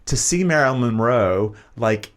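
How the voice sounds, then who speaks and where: A man's voice: medium pitch, expressive, a little slow. A man from the United States, co-hosting a podcast and interviewing a guest in an upbeat, playful way. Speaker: podcast co-host. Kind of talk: scripted podcast intro and interview.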